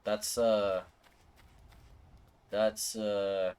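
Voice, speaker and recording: A man's voice: lowish voice, flat delivery, drawn-out words, a little mellow, clean tone. A man streaming a video game, chatting casually in a playful, rambling, self-mocking way while sleepy and yawning. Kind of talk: casual gameplay chat.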